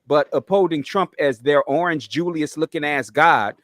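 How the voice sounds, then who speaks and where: A man's voice: fairly high pitch, moderate pace, a bit bright, no room sound, clean studio sound. A man co-hosting a podcast, ranting heatedly through a casual discussion. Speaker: podcast co-host. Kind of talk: casual chat.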